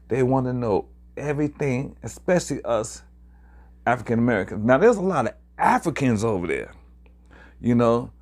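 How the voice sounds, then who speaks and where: A man in his 60s from Harlem, New York, talks casually to video viewers about his travels in an animated, slightly mellow mid-range voice at a moderate pace. He rambles and hesitates, using many fillers as he shares his experiences.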